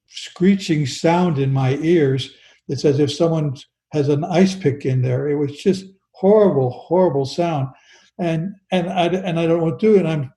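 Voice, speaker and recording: An older man recounts a personal story with slow, earnest pacing, often circling back and restarting his words. His voice is mellow, sits a touch high for a man, and carries an echo from the room around him. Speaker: guest.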